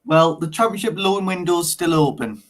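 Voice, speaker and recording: A man's voice: a little high, animated, moderate pace. A man co-hosting a casual football talk show, teasing his co-host with an easygoing manner and frequent laughs. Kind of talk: casual chat.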